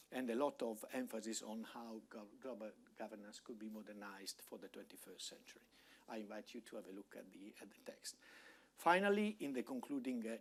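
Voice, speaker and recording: A man giving a public lecture on policy as a guest speaker, measured and thoughtful, with frequent fillers and restarts. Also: on the low side, husky. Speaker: guest speaker, think-tank director.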